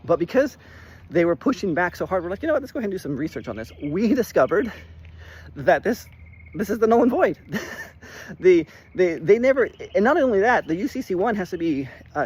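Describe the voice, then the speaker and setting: Animated, swearing real estate investor. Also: male voice, high voice, husky. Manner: animated, swears when worked up, lots of "like". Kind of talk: casual storytelling vlog.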